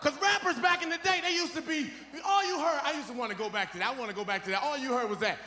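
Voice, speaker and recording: High-pitched, loud stand-up comedian man. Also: quick pace, hardly any pauses, a little hiss or hum. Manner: loud, animated, breaks into song and rhymes. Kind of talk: stand-up comedy with singing and freestyle rap. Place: large comedy venue stage. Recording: echoey live hall with music and crowd. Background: audience laughter and music.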